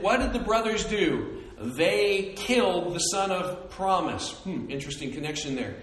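High-voiced animated preacher man, echoey room. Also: a little hiss or hum. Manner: animated, jokey asides, acts out quoted lines. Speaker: pastor. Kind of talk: sermon.

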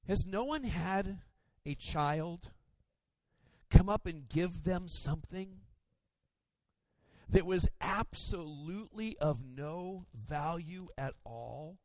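A male pastor preaching a sermon, storytelling in an animated way with playful mimicry. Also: sits high, slow pace, long pauses, dry recording.

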